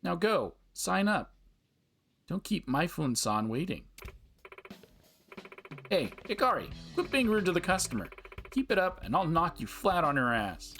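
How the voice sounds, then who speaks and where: A curt, scolding game receptionist who barks insults at her staff, read by a man. Her lines sit well above his usual pitch and swoop with lively intonation. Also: takes it slowly, gravelly, slightly rough, faint music behind, full character voice. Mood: bossy. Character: bossy, foul-mouthed woman running a reception desk.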